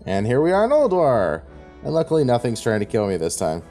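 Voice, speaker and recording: A man talking through his gameplay in an offhand, rambling way, full of fillers and asides. His voice is mellow and dark, with lively pitch. Faint game music runs underneath. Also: a little fast. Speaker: gameplay video host. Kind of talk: casual gameplay commentary.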